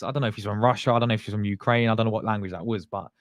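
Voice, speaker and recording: A man's voice: on the low side, fairly even intonation, racing, few pauses, no echo, clean studio sound. Slangy man chatting on a livestream. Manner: chatty and slangy, rambling with restarts. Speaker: fan channel host. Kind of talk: casual livestream chat with viewers.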